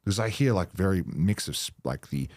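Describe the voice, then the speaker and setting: Animated Australian guy, lots of swearing. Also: low-pitched. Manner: animated, laughing, swearing, quick storytelling. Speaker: podcast host. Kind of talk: casual chat.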